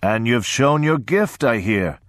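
A male narrator voicing a big, hearty, quietly threatening older lord, loud and genial in an audiobook reading. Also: medium pitch, expressive, measured pace, no echo, clean studio sound, lightly acted. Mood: hearty, jovial. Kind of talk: audiobook character voice.

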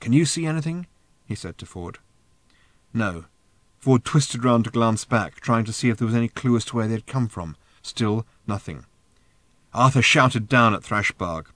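A man narrating an audiobook in a measured, expressive reading. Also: on the low side, no room sound. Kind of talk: scripted narration.

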